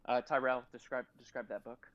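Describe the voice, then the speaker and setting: A man's voice: medium pitch, flat delivery, fairly quick, a bit bright, no echo, lo-fi sound. A man playing a tabletop game, rambling hesitantly with many fillers. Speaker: player. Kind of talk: casual tabletop role-play.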